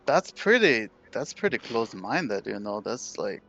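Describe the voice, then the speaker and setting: A man's voice: lowish voice, sing-song, unhurried, vocal fry, a bit bright, lo-fi sound, soft background music. A man playing a tabletop game, joking and arguing rules in casual chat. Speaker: player.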